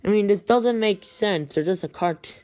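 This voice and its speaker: A woman retelling a creepy story in a rambling, halting way with many restarts. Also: medium pitch, dark tone, dull audio.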